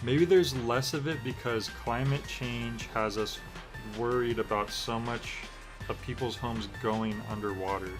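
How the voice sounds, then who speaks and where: Over background game music, a man streams a video game and chats casually, rambling along with plenty of fillers. His voice is mid-range and his pace slightly slow.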